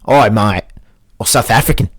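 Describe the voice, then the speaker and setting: A man's voice: fairly low pitch, a little fast. A young man hosting his own joking podcast alone, talking in a put-on accent that mixes British and Australian, crude, rambling and mocking himself. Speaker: host. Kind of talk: joking solo podcast monologue.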